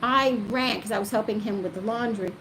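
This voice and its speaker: An older grandmother telling the story of her own life, animated and emotional. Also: fairly high pitch, brisk, a little hiss or hum, poor audio. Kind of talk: personal storytelling.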